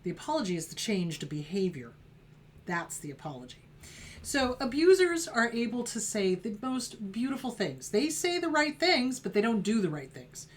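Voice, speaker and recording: A woman's voice: fairly high pitch, very animated, normal speed. Emphatic woman therapist explaining apologies. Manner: emphatic, acts out quoted apologies in mocking voices. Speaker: therapist host. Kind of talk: educational talk to camera.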